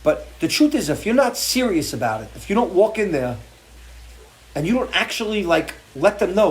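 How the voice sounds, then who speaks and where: A middle-aged man hosts a live show from his porch, with a voice that sits slightly high. He talks bluntly and swears a lot. His emotional rant keeps pushing forward. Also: very animated, normal speed. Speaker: show host. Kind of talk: impassioned live-stream rant. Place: porch, outdoors.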